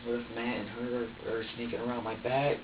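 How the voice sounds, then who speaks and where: A man being questioned by police, talking in halting bursts, repeating words and swearing as he quotes himself. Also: mid-range voice, little pitch movement. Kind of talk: police interrogation recording. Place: interrogation room. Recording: roomy, distant, dull with hiss.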